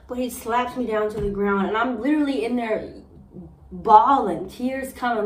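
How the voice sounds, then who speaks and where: A young woman vlogger telling a personal story in a blunt, profane, animated way. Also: a little high, moderate pace, recorded from a distance, a little hiss or hum. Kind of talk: candid storytime monologue. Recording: roomy echo, a bit off-mic.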